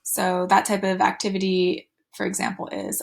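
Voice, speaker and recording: Woman, recorded slide lecture, gravelly creaky voice, mid pitch, fillers and restarts. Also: little pitch movement, normal speed. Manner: many fillers and restarts, sing-song when modeling talk to children. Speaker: teacher.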